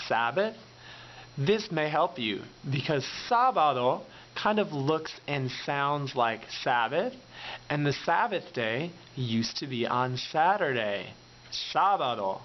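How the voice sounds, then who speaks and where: A slow, patient man teaches a lesson by call and repeat, stretching each word out. His fairly high voice swings up and down as he drills words. The recording sounds dull and lo-fi, with a faint hiss behind it. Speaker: language teacher.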